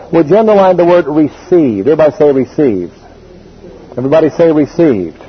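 A man preaches in a fairly high, husky voice, pressing hard on his key points. He calls out for the congregation to repeat words after him. The recording is dull and lo-fi. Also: animated, a little fast. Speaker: pastor. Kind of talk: sermon.

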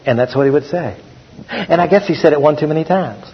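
A man's voice: on the high side, expressive, brisk, in a large hall, highs cut off, slight background noise. A male pastor preaching a sermon in a conversational, storytelling way that often checks in with the congregation.

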